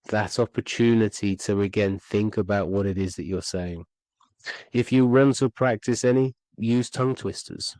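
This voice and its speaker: Male speaking coach, earnest, repeats key points, lowish voice. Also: darkish tone, no room sound, low-quality recording. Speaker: communication skills coach. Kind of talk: instructional podcast talk.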